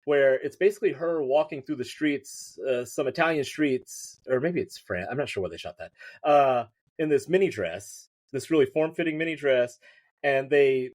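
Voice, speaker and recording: Man, podcast guest, casual chat, mid-range pitch, rambling, restarts, fillers.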